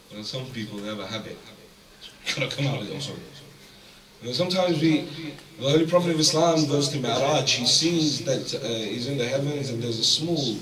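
A man from the UK giving a sermon as a guest speaker, telling stories that swing from hushed to impassioned. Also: medium pitch. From United Kingdom. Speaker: guest speaker at a religious gathering. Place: large hall with an audience. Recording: echoey hall, mic at a distance, crowd present.

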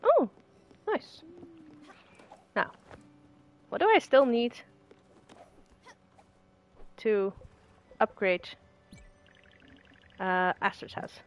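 A woman's voice: a little high, very animated, drawn-out words, long pauses, highs cut off. A woman casually chatting and thinking aloud while playing a game. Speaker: game streamer. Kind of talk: casual let's play commentary.

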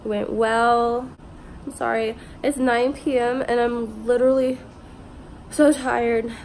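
Woman vlogger, casual chatty delivery, slightly high voice, lots of fillers. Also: level tone, takes it slowly, darkish tone, a little hiss or hum. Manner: chatty, fills with "like" and "literally". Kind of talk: casual vlog chat to camera.

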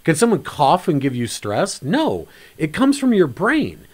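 A man co-hosting a casual film podcast, talking in an animated, rambling way and acting out quotes. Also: unhurried. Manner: animated, acts out quotes with big pitch swings; rambling, repeats words. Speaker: podcast co-host.

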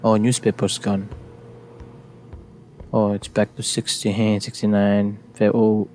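A man's voice: on the low side, monotone, slow pace, a little mellow, slight background noise. A young man giving let's play commentary, jittery and repeating words in nervous runs. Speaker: gameplay streamer.

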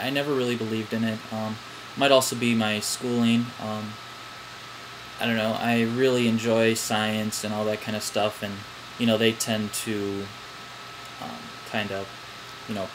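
A young man with a Midwestern American accent, hesitant and full of ums as he chats casually to the camera at home. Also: fairly low pitch. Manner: hesitant, lots of ums and "I don't know". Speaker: vlogger. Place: at home, in pajamas. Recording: air conditioner hum behind.

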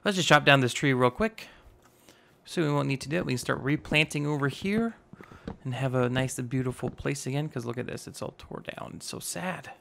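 A man in his twenties with a slightly raspy voice, casually narrating a building game and rambling as he goes. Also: medium pitch, a little fast, a bit bright, slight background noise. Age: 20s. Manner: rambling, self-teasing, narrates each step aloud. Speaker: gaming YouTuber. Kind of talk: casual Minecraft let's play commentary.

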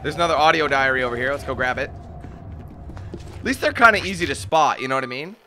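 Excitable, cursing gameplay commentator man. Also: medium pitch, quick pace, a little hiss or hum. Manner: excitable, swears a lot, yells when panicked. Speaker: let's play commentator.

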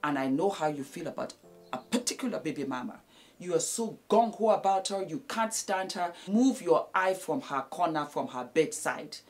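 A woman's voice: fairly low pitch, expressive, moderate pace, a little mellow, faint music behind. A woman giving blunt, preachy gossip commentary straight to the camera, addressing the subject directly. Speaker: celebrity gossip vlogger.

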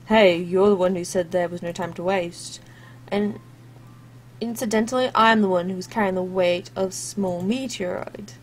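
A woman's voice: medium pitch, steady tone, normal speed, slight background noise, close to an everyday voice. A woman voicing a sarcastic, grumbling male scientist in a game. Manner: sarcastic, complaining.

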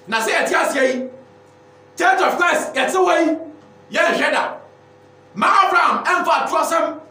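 Ghanaian male preacher, sermon, shouting, very roomy echo, distant from mic. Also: very high-pitched. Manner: forceful, often shouting, mixing Twi and English. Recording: echoey, voice from off mic.

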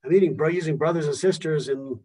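A man's voice: on the high side, quick pace, mellow, distant mic, low-quality recording. A man from Philadelphia giving a public museum lecture, emphatic and checking in with the audience often. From Philadelphia, United States. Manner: emphatic, keeps checking in with "okay?".

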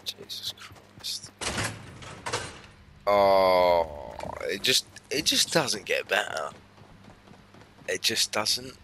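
A man's voice: deep voice, big pitch swings, very slow, long pauses, pushed and bright, slight background noise. A young man swearing and muttering as he gives casual commentary on his own gameplay. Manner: swearing, slangy, mutters under his breath. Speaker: gaming YouTuber.

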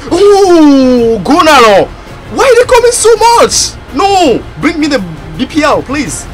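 A man with a very high voice gives gaming commentary as he opens packs. He is excitable and bursts into loud exclamations, with his pitch leaping all over. Between the outbursts his delivery is unhurried, with soft music behind him. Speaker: gaming YouTuber. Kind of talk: pack-opening gameplay commentary.

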